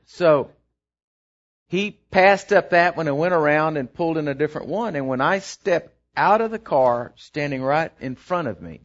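A middle-aged pastor preaches in a slightly high voice, wandering through a personal story with fillers and restarts before pushing into excited, emphatic points. The sermon recording sounds dull and lo-fi. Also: male voice. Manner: rambling anecdote that builds into emphatic, excited preaching.

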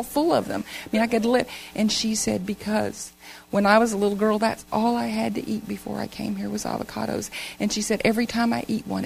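A woman's voice: mid-range voice, gravelly, a little mellow, a little hiss or hum, poor audio. A woman telling an earnest, emotional story as a testimony in church. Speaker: church member giving a testimony.

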